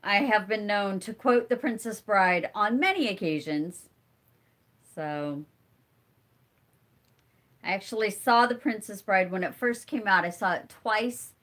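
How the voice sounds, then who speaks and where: A woman's voice: medium pitch, expressive, measured pace, long pauses, fairly bright tone. A middle-aged woman with a stuffy nose hosts a casual live stream, chatting and answering viewer comments as they come in. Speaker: homesteading channel host.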